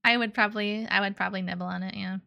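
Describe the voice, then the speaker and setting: A young VTuber streams live in a mid-range, steady, creaky voice, talking rapid-fire over dull audio. She chats casually and playfully with her viewers, giggling and slipping into cutesy baby talk.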